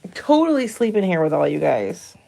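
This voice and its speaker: A woman's voice: lowish voice, big pitch swings, brisk, gravelly, dark tone. A young woman on a farm, cooing and teasing her animals in a pen in casual chat. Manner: cooing baby talk to animals, playful teasing. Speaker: farm vlogger.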